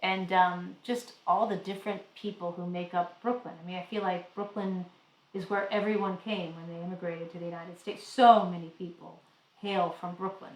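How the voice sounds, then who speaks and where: A woman host chatting casually on a live stream, animated and telling stories with acted-out quotes. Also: fairly low pitch, normal speed, roomy sound, low-quality recording. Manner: animated storyteller, acts out quotes loudly. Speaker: travel show host.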